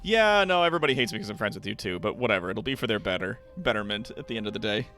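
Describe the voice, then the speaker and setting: A man's voice: on the low side, lively intonation, rapid-fire, music in the background. A man streaming a strategy game, talking casually through his moves, laughing often and swearing now and then. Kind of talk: casual gameplay commentary.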